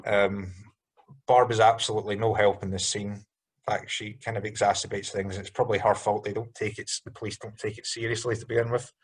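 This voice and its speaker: Husky-voiced man hosting a film podcast. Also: on the low side, little pitch movement, brisk. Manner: rambling, frequent ums and restarts. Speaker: podcast host. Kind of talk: casual film review chat.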